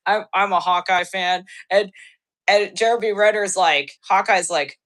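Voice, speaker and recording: A woman hosting a podcast in casual chat, excitable, laughing often and restarting her sentences. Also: mid-range voice, a little slow. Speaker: podcast host.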